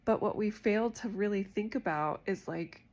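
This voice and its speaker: A woman's voice: medium pitch, moderate pace, darkish tone. Candid woman sharing a self-love story. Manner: candid, conversational, reflective. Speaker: host. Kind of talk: casual self-help talk to camera.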